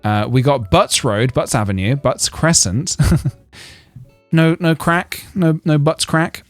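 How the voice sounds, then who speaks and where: A man's voice: a little high, takes it slowly, no echo, faint music behind. A man chatting casually on a game stream, rambling through jokes and reading chat messages aloud.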